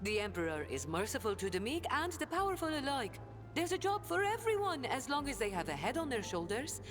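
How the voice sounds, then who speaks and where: A sly, worldly smuggler-trader in a video game, speaking with an accent and a theatrical lilt. Her pitch swoops widely, dropping into hushed, conspiratorial asides. Game music plays clearly behind her. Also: sing-song, brisk. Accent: non-standard accent. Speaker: game companion character.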